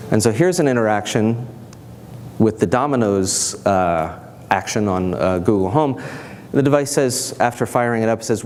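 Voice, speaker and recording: A man giving a conference talk in a thoughtful, measured way, now and then acting out bits of dialogue. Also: on the low side, darkish tone, a little hiss or hum. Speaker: conference speaker. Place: conference hall stage.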